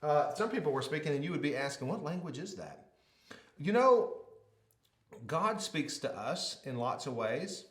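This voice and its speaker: A man's voice: a little high, normal speed, echoey room. A man hosting a children's church video, coaxing a child through a mouthpiece game and turning it into a short Bible lesson. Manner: laughing, coaxing, animated. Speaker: children's ministry host. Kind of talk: playful kids' devotional.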